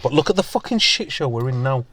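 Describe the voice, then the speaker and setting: A man's voice: medium pitch, expressive, fast, a bit bright, dry recording. A man co-hosting a podcast from a car, bantering casually with plenty of swearing. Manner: swearing, jokey, puts on voices for quotes. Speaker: podcast co-host. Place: in a parked car.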